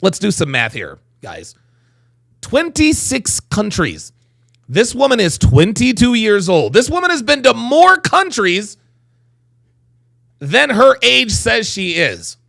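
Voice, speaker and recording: A man hosting a livestream, reacting to a clip with profane, animated commentary, repeating phrases and stretching words for emphasis. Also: high voice, creaky. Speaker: host reacting to a video clip.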